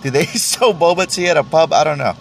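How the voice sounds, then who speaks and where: A man's voice: fairly high pitch, brisk, gravelly, slight background noise. A man hosting his own podcast, rambling casually and self-deprecatingly while tasting tea, cursing often and stumbling over restarts. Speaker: podcast host. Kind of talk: casual solo podcast rant.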